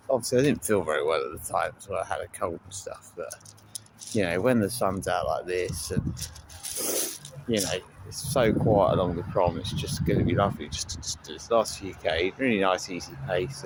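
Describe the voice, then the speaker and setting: Low-voiced man chatting outdoors. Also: normal speed. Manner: rambling, chatty, full of fillers. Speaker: vlogger. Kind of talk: casual vlog chat. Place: outdoors on a seaside promenade. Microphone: handheld phone. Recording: loud outdoor background noise.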